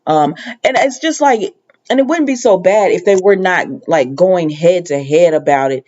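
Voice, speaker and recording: A woman casually recapping a TV episode, her voice warm and mellow. She rambles through it with frequent ums, false starts and the occasional exasperated aside. The sound is a bit dull and lo-fi. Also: lowish voice, animated, moderate pace. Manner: rambling, full of ums and restarts; conversational, sometimes exasperated asides. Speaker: TV recap host.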